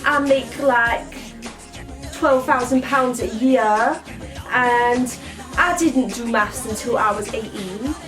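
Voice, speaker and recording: A woman playing a cocky, rambling young woman who says "mate" constantly in a comedy monologue. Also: on the high side. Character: cocky young woman, slangy, chatty, full of herself.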